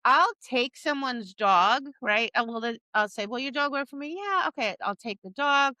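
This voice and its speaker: A woman's voice: on the high side, moderate pace, pushed and bright, clear, resonant tone, dry recording. A woman co-hosting a podcast about dog training, talking casually and acting out cheery voices and dog reactions. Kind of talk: casual chat.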